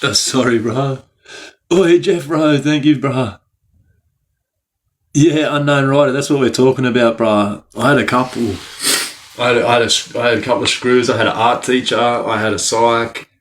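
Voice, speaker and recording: A man's voice: mid-range voice, moderate pace. A man livestreaming, telling rambling stories to his chat in heavy slang and laughing often. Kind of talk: casual storytelling to a live chat.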